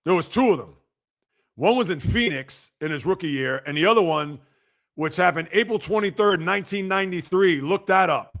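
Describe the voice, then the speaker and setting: A man's voice: sits high, moderate pace, a bit bright. A man hosting a sports livestream, chatting casually and teasing viewers as he reads and answers their comments. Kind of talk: casual live-chat banter.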